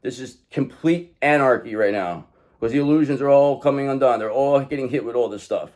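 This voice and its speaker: A man's voice: medium pitch, a little fast, darkish tone. A man giving a casual tarot card reading, blunt and profane, rambling as he talks straight to the viewer. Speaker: tarot reader.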